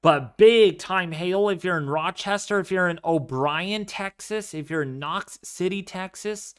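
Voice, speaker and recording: Man, live weather stream host, excited, repeats himself, unhurried. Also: high voice, clean tone. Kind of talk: live severe weather commentary, reading chat.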